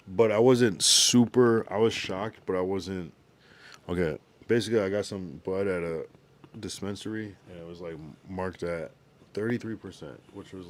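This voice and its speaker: Deep-voiced sleepy young streamer. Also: male voice. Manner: laid-back, drowsy, talks in loose run-on asides with slang. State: sleepy, yawning. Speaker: livestreamer. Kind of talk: casual livestream chat reading viewer comments.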